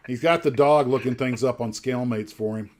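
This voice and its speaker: A man's voice: medium pitch, fairly quick, a little mellow. A man hosting a casual livestream chat, rambling along with lots of fillers and restarts. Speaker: livestream host.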